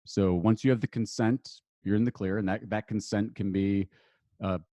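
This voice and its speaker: A man's voice: on the low side, steady tone, normal speed, dark tone, no room sound. A man, an attorney and marketer guesting on a podcast, explaining rules in a loose conversational way with many fillers and restarts.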